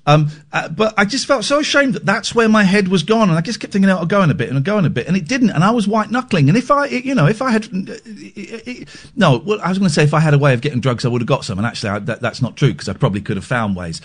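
A man's voice: sits high, animated, very fast, few pauses, husky. A man hosting a radio phone-in, talking candidly and self-deprecatingly, rambling with restarts. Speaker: radio host. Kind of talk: late-night radio phone-in chat.

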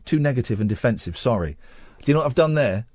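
A man's voice: mid-range voice, lively intonation, fast, darkish tone, dry recording. A middle-aged man hosting a late-night radio phone-in, rambling and self-mocking as he chats with callers.

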